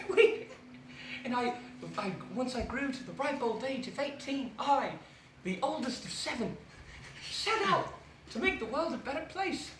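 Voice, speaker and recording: A woman's voice: high-pitched, very animated, a little slow, a bit bright, distant mic, full character voice. A woman voicing an exuberant, giggly young male gnome adventurer in a tabletop role-play game. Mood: proud. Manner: bubbly, giggly, effusive. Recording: roomy, noisy, from off-mic.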